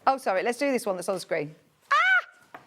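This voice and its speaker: A woman presenting fabric on a live shopping channel, chatty and gushing with delight. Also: rapid-fire. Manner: chatty and gushing, swoops high with excitement. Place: TV studio.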